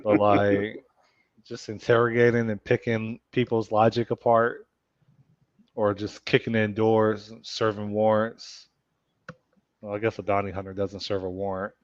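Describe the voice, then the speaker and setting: A man's voice: lowish voice, little pitch movement, measured pace, no echo. Joking middle-aged man, dull dry sound. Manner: joking, playful banter. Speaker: podcast host. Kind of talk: casual chat.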